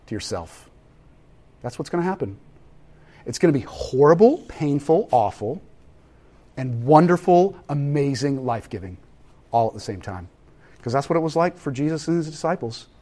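A man, preaching a sermon in a casual, animated way that swings from loud to hushed. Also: medium pitch, moderate pace, pauses often. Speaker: pastor.

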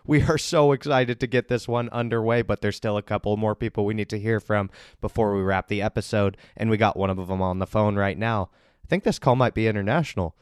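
Low smooth-voiced guy hosting a podcast, ribbing his buddies, dry close sound. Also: a little fast, no room sound. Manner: jokey, teasing, laughs often. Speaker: podcast host and league commissioner. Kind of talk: casual podcast chat.

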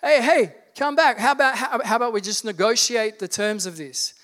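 A man's voice: very high-pitched, moderate pace, a bit bright, pitched above the performer's own voice. A man putting on a male figure of Jesus who calls a man back and tries to bargain with him, in an urgent, coaxing way.

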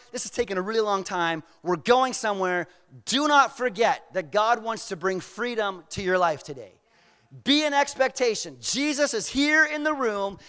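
High-voiced male pastor, casual storytelling sermon, long church-hall reverb. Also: a bit bright. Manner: casual, paraphrasing with slang.

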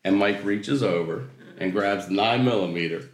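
A man from Maryland telling a profane, animated comic story as a guest storyteller, laughing through his punchlines. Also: lowish voice, a little slow, roomy sound, noisy background. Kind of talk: comedic storytelling.

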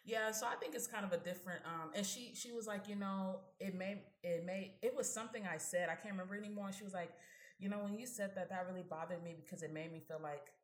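A woman's voice: mid-range voice, fast. Young woman telling a story in a roomy room. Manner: animated storyteller who acts out both sides of a conversation. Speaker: podcast co-host. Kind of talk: casual panel chat, personal storytelling.

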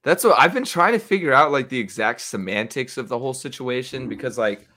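A man's voice: mid-range voice, expressive, brisk, bright, forceful tone. A young man in casual, opinionated sports chat with a friend, swearing freely. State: hiccups.

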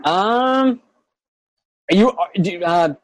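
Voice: medium pitch, animated, takes it slowly, no echo. Hesitant game master narrating. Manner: hesitant, many fillers and restarts.

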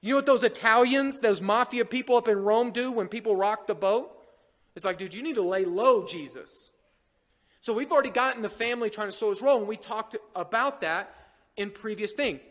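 A man preaching a sermon as pastor, animated and joking with the congregation. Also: high-pitched, brisk. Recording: long hall reverb.

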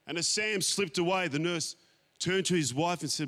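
A man's voice: a little high, fairly bright tone. A man preaching a sermon, stretching out key phrases and calling on the congregation. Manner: emphatic, drawn-out phrases, calls to the congregation. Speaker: pastor. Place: church sanctuary.

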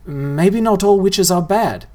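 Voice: mid-range voice, slow pace, darkish tone, voice pushed up, lightly acted. A reader voicing an earnest young boy who is brave and worried. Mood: urgent.

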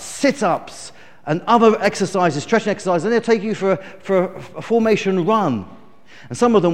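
Preacher with a long church echo. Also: male voice, high-pitched. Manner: storytelling, emphatic, self-correcting. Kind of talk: sermon.

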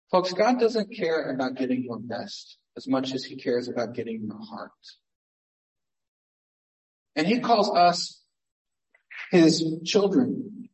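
Here a pastor with a darkish voice on the high side gives a sermon in a church sanctuary. He preaches earnestly and conversationally, asking rhetorical questions, and the faraway recording leaves the hall echoey.

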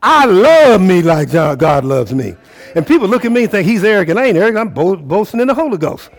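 A male pastor preaching a sermon, calling out to the congregation and swinging between shouts and low murmurs. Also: big pitch swings, fast, gravelly, long reverb tail. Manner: preaching with call-and-response, rising and falling intensity.

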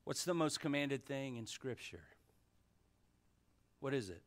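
A male pastor preaching a sermon to his church, fervent and shifting between shouts and hushed asides. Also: mid-range voice, lively intonation, a little slow. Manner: fervent, swings from shouting to near whispers. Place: church sanctuary.

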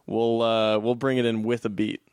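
A man's voice: mid-range voice, level tone, moderate pace, a little mellow, clean tone, no room sound, studio quality. A young man hosting a podcast in casual chat, easygoing and encouraging, teasing his co-host with a laugh in his voice.

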